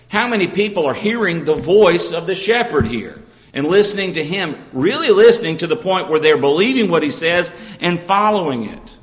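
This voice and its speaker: A man's voice: mid-range voice, a bit bright, roomy sound, in a large hall. A man preaching an evening sermon in an earnest way, reading scripture aloud and asking the congregation rhetorical questions.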